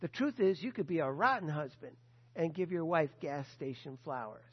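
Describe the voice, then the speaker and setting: Animated man preaching in a hall. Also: on the high side, moderate pace, husky, dull audio. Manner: animated storytelling, acting out quoted voices. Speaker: pastor. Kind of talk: sermon.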